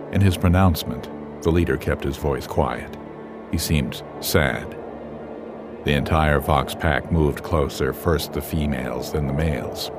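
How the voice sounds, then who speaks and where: A man narrating an animal fable in a measured, expressive storytelling voice. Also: very deep voice, over music.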